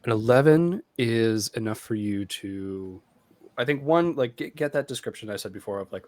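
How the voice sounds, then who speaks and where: A man's voice: medium pitch, lively intonation, normal speed, darkish tone, dry recording. A man narrating as game master of a tabletop game, rambling with many fillers. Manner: rambling, full of "like" and "um".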